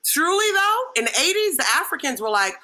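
A woman from Brooklyn in casual chat, telling animated stories and acting out her relatives in voices. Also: sits high, fairly quick. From Brooklyn, New York.

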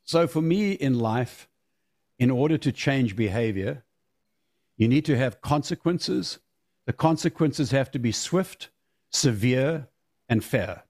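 A man's voice: medium pitch, expressive, slow, darkish tone. A man speaking as a guest on a video-call podcast, giving firm, emphatic opinions in casual chat. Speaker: guest, race car driver.

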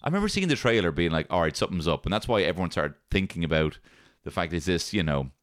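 Deep-voiced man swearing in casual film chat. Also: fast talker, dry recording. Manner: animated, swears freely, acts out quoted lines. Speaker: podcast co-host reviewing films.

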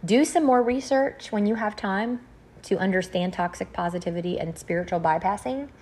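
A woman leading a group, reading through graphics and explaining them in a gentle, earnest way. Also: mid-range voice, moderate pace.

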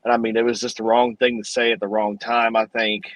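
A man co-hosting a casual sports podcast, speaking in a measured way and holding back harsher words. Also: fairly low pitch, flat delivery, a bit bright, muffled recording. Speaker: podcast co-host.

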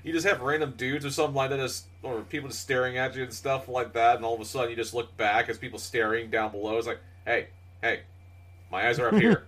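A man's voice: mid-range voice, level tone, fast talker, few pauses, fairly bright tone. A man co-hosting a podcast, rambling through stories with lots of laughter, fillers and swearing. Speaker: podcast co-host. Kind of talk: casual podcast banter. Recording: distant from the mic.

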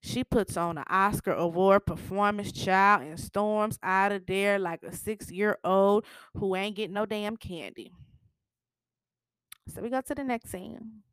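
A woman's voice: mid-range voice, a little slow, smooth, no echo. A woman giving a casual, sassy recap of a TV episode. She laughs often and acts out the characters' lines as she goes. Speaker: TV recap vlogger.

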